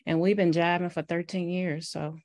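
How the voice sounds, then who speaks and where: Woman, panel guest, personal story, expressive, low-pitched. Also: normal speed. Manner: expressive, acts out quotes. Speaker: patient guest.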